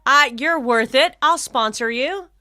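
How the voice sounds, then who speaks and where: A woman's voice: high voice, unhurried, pushed and bright, dry recording, studio quality. An American woman co-hosting a podcast, chatting casually with a friend and teasing her with lots of laughter. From United States. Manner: giggly, playful teasing. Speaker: podcast co-host. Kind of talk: casual chat.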